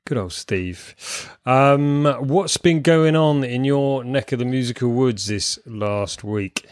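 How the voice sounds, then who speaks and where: A man's voice: mid-range voice, slow, smooth, dry recording. A man co-hosting a music podcast in easygoing, friendly casual chat. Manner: easygoing, friendly, laid-back. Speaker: podcast co-host.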